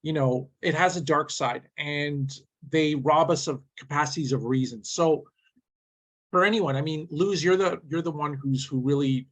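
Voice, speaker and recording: A man's voice: fairly high pitch, normal speed. A man hosting a webcast conversation, posing long rambling questions to his guests. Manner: rambling, many fillers and restarts. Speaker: host.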